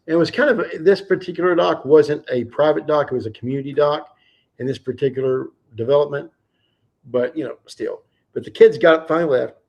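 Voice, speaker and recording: Man, livestream host, fairly high voice, casual profane storytelling, animated. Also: fairly quick. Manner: animated, profane anecdote-telling.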